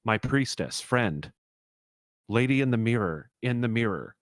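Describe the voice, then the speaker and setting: A man's voice: low-pitched, slow, dry recording, clean studio sound, heavily acted. A man voicing a skittish birdlike kenku that speaks in broken, parroted phrases. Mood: frantic.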